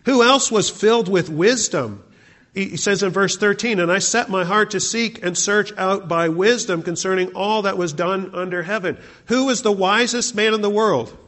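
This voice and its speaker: A man's voice: sits high, moderate pace, a bit bright. A male pastor preaching a sermon, asking the congregation rhetorical questions.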